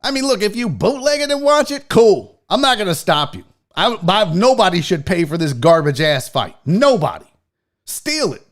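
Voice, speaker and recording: A show host in his forties, with a high-pitched, sing-song voice at a moderate pace, goes on a heated, profane livestream rant. He mocks others by putting on voices.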